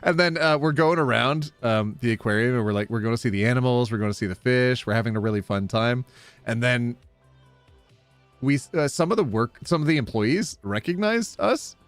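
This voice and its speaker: Giggly, animated male streamer. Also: medium pitch, fairly quick, no room sound, soft background music. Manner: giggly, joking and animated, with playful put-on voices. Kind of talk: casual livestream chat.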